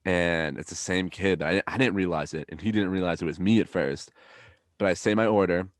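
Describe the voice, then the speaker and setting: Deep-voiced young guy telling stories. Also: a little fast, no echo, studio quality. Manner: animated storytelling, swears freely. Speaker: podcast host. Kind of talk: casual chat.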